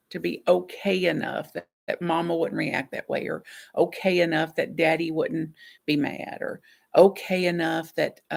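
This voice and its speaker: A middle-aged woman minister delivers a gentle, reflective sermon in a slightly low voice with a gravelly rasp. She speaks softly and laughs from time to time.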